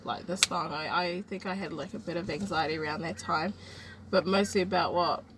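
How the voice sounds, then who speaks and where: A young woman, talking hesitantly and softly in a casual chat with her partner. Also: fairly low pitch, steady tone, fairly quick, background noise. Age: young adult. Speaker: co-host, partner.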